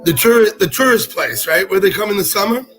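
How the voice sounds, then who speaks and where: High-voiced chatty male streamer. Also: lively intonation, fast talker, a bit bright, faint music behind. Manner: chatty, asks questions, restarts his sentences. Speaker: livestream host. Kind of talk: casual chat on a live stream.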